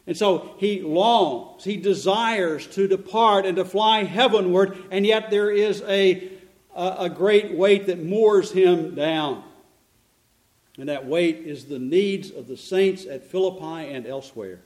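A man's voice: high voice, slow, darkish tone. A middle-aged male pastor preaching a sermon, telling stories and asking and answering his own questions.

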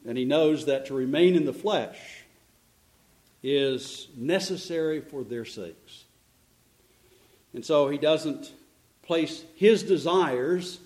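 A man's voice: a little high, darkish tone. A middle-aged male pastor preaching a sermon, telling stories and asking and answering his own questions.

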